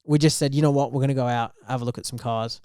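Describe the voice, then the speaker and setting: Fast-talking young man telling a story. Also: mid-range voice, clean tone, dry recording, clean studio sound. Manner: animated storyteller, acts out quoted dialogue. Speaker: podcast co-host. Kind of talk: casual storytelling chat.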